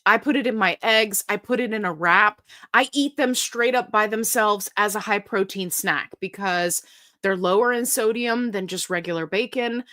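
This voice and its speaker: A middle-aged woman hosts a live question-and-answer stream, talking casually and warmly to her viewers. She reads their comments aloud and answers in a chatty, lively way. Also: medium pitch, normal speed. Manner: chatty and animated, reads comments aloud, breaks into silly sung bits.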